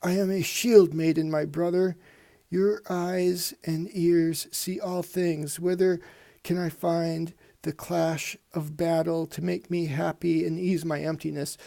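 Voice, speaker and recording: A man's voice: fairly high pitch, level tone, takes it slowly, gravelly, warm tone. A man voicing a young warrior woman, a restless shield maiden, in an archaic, theatrical reading. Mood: yearning.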